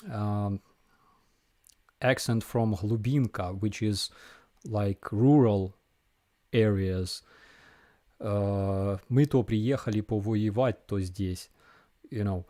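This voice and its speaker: A man's voice: lowish voice, darkish tone, no room sound, studio quality. A man with a Ukrainian accent hosting a casual live viewer Q&A, hesitant with many fillers and restarts.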